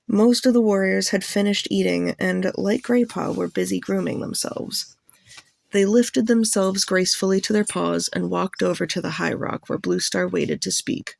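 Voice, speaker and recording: A woman reading a novel aloud as a fan audiobook, narrating in an even, plain storytelling manner. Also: mid-range voice, normal speed, vocal fry, dry recording.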